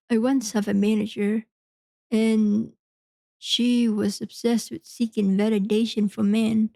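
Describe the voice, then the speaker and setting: A woman's voice: mid-range voice, creaky, mellow, no room sound. A woman hosting a podcast, talking frankly in a rambling, casual monologue full of fillers. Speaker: podcast host.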